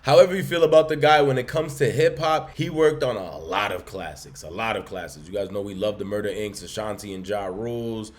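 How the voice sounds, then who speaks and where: Guy doing quick casual commentary, lowish voice, talks fast. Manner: fast, conversational, emotional. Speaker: channel host commentator.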